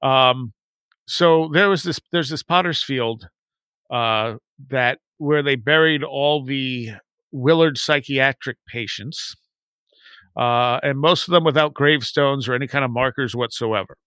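A man in his forties telling a story in a casual chat, rambling and lively when he quotes his friends. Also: mid-range voice, measured pace, smooth, no room sound.

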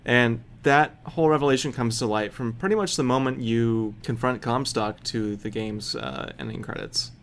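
A man's voice: medium pitch, expressive, moderate pace, few pauses, slight background noise. A man hosting a casual podcast discussion, thoughtful and rambling as he lays out his reading of a story. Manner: thoughtful, rambling, laughs easily. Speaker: podcast host.

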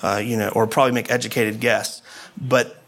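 A man's voice: mid-range voice, steady tone, moderate pace, fairly bright tone. A man giving a sermon as a pastor, explaining scripture in a conversational way with casual asides.

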